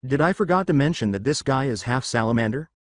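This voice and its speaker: A man's voice: mid-range voice, expressive, fast, dry recording, studio quality, close to an everyday voice. A man voicing a smug, irritable young male ninja rival who talks in a snappy way.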